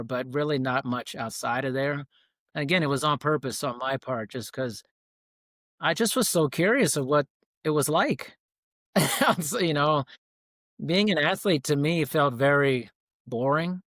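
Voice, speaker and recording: A man's voice: fairly high pitch, no echo, studio quality. A young man, a personal trainer, telling stories casually as a podcast guest, with loose restarts and chuckles. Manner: relaxed storytelling with frequent restarts and chuckles. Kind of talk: casual interview talk.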